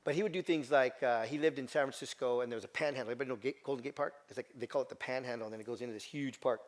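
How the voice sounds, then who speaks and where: A man's voice: medium pitch, racing. A middle-aged man giving a motivational talk to a group, telling a personal story in an emphatic way and repeating phrases. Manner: emphatic, repetitive storytelling with quoted voices. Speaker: motivational speaker.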